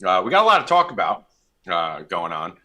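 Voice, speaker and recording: A young man hosting a casual sports betting podcast, brash and profane, loudly ribbing his co-hosts. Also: sits low, huge pitch swings, fairly quick. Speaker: podcast host.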